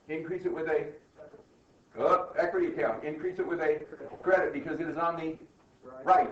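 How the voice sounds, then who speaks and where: A middle-aged man lectures a class on accounting in an emphatic way, constantly checking in with his students. His voice is caught from far off in a reverberant classroom, the sound muffled and a little dull, with faint room noise behind. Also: a little high. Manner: emphatic, peppers questions with "right?" and "okay?". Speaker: accounting instructor.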